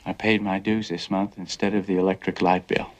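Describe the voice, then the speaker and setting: A man's voice: sits low, flat delivery, fairly quick, close to an everyday voice. An actor playing a restless, dreamy young man who is bitter about his life, speaking intensely and sometimes dropping to a whisper. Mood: brooding. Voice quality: intense, brooding, drops to a whisper. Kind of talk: stage drama acting.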